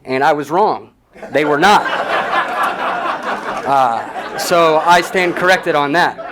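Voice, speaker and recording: A man with a slightly raised pitch hosts a live storytelling night in a restaurant. He talks casually and easily, drawing guests out with questions and light teasing. His speech is relaxed and conversational. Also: slow, crowd noise, noisy background. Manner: easygoing, teasing, asks follow-up questions. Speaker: event host. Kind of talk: casual moderating. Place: restaurant event room.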